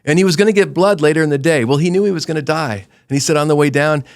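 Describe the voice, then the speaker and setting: A middle-aged man, a company founder, telling stories earnestly in an interview, animated, often restarting his sentences. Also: on the high side, fast, vocal fry. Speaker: guest, roofing company founder. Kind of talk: conversational interview storytelling.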